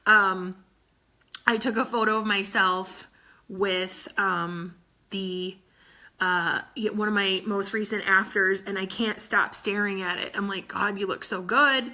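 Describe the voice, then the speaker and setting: Woman, thirties, fitness coach, earnest, teary, repetitive, bright forceful voice. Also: mid-range voice, fairly even intonation, measured pace. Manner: earnest, tearful, repeats phrases. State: close to tears. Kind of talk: emotional motivational talk to her team.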